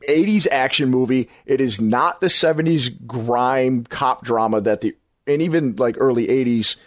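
A man hosts a casual movie podcast, talking in an enthusiastic, rambling way. He circles back on his points and corrects himself as he goes. His voice sits at an ordinary middle pitch and sounds dry and close, with no room echo. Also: moderate pace. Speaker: podcast host. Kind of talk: casual film-review chat.

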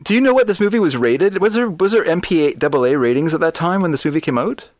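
A man's voice: fairly high pitch, lively intonation, fast talker, no room sound. Rambling middle-aged man, dry close sound. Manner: rambling, self-correcting. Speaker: podcast co-host. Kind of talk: casual film discussion.

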